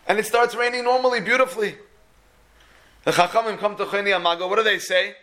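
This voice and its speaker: A man giving a sermon, telling stories with lively energy and acting out the people in them. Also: sits high, fast. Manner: animated storyteller who acts out the people in his stories. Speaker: speaker giving a religious talk. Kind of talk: sermon with storytelling.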